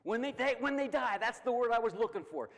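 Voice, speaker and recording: A middle-aged man teaching a Bible lesson, emphatic and lively, asking questions and answering them himself. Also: extremely high pitch, a little fast. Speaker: Sunday school teacher. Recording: long hall reverb.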